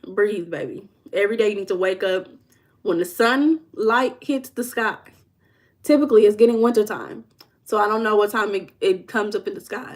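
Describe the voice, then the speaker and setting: A woman hosting a casual life-coaching livestream, talking in a Southern US dialect. She banters with her chat, teasing viewers, and stretches her words out slowly for emphasis. Her pitch sits in an ordinary middle range. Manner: playful, teasing, drawls and slows for emphasis.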